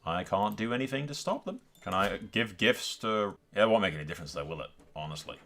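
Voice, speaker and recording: A man with a lively, swinging voice gives casual let's-play commentary on a strategy game from his home. His voice is bright and forward, and he talks back at the characters on screen and laughs a lot. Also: lowish voice, a little fast. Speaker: gaming YouTuber.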